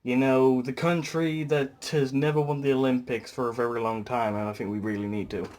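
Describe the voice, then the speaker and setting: A man's voice: medium pitch, fairly even intonation, fairly quick, a little mellow. A young British man talking casually to camera in a rambling, chatty vlog with fillers. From Britain. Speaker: YouTuber.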